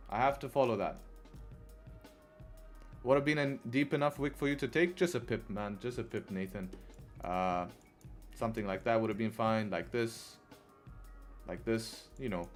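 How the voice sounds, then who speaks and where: A man giving live trading commentary on a stream, talking to his viewers and laughing often in frustration. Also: medium pitch. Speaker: forex trader live streamer.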